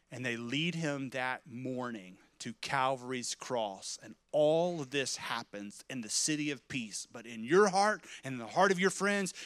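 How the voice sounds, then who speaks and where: A man preaching a sermon, telling a dramatic story in the second person, dropping to a hush and rising to loud shouts. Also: no room sound. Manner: vivid, swings from loud crowd shouts to hushed low narration. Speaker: pastor.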